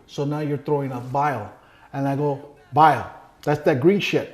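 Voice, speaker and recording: A man's voice: medium pitch, fairly even intonation, normal speed. A middle-aged man telling his story in a casual interview, blunt and heavy on swearing, acting out the people he quotes. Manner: profane, blunt storyteller who acts out quoted dialogue.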